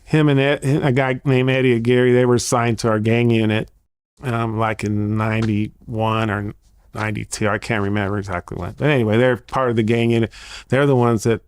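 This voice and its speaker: Flat, matter-of-fact former cop. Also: male voice, medium pitch, moderate pace, smooth, no room sound. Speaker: former police officer. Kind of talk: recorded interview clip.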